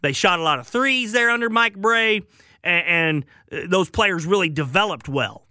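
Bright, emphatic male radio host. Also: sits high, lively intonation, moderate pace, dry recording, clean studio sound. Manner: opinionated, emphatic. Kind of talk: call-in radio talk.

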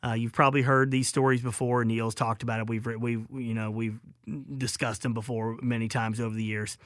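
A man's voice: mid-range voice, little pitch movement, fairly quick, no room sound, clean studio sound. A man with a Southern accent hosting a call-in sports radio show, telling rambling anecdotes with chuckles.

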